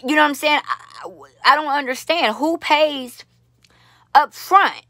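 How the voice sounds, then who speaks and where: Bright, brash woman vlogger, dry sound. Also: sits high, measured pace, dry recording. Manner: blunt, profane, animated storytelling with many asides to the viewers. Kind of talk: casual storytelling to viewers. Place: lives in Las Vegas.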